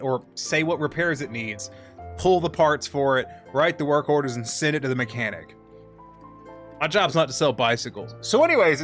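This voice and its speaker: A young adult man streaming from a home setup, chatting casually and telling stories with lots of swearing and sudden excited bursts, with faint music behind him. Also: on the high side. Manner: profane, animated storytelling with bursts of excitement. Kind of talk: casual gaming stream chat.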